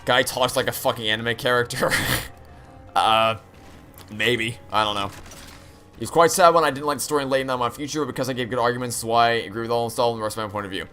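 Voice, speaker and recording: Young man, game streamer, sharp bright tone, profane rambling rant, faint game music behind. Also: mid-range voice, steady tone, fast talker. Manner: candid, rambling, profane ranting with restarts. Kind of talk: live-stream chat while gaming.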